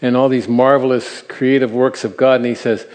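An older man teaching the Bible to a live audience, earnest and animated, asking his listeners questions. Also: medium pitch, normal speed. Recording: reverberant hall.

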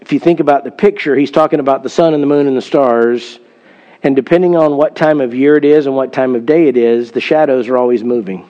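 A man's voice: medium pitch, fairly quick, mellow, lo-fi sound. Earnest middle-aged male pastor preaching. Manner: earnest storytelling, emphatic scripture reading. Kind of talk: sermon.

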